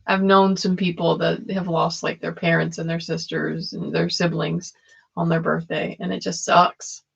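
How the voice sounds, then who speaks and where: A woman's voice: on the low side, little pitch movement, normal speed, vocal fry, fairly bright tone, slightly rough. A woman, hosting a live tarot stream and chatting casually with viewers, laughing often. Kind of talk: casual live-stream chat with card readings. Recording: dull lo-fi stream audio.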